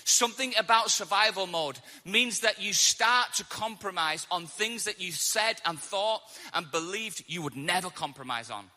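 A man's voice: sits high, moderate pace, few pauses, big-room sound. A man preaching a sermon, telling stories animatedly and acting out the quotes. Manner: animated storytelling with acted-out quotes.

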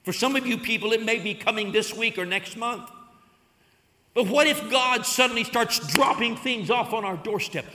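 A man pastor preaching a sermon, telling a story with big swings from hushed to loud. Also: very high voice, moderate pace. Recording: long hall reverb.

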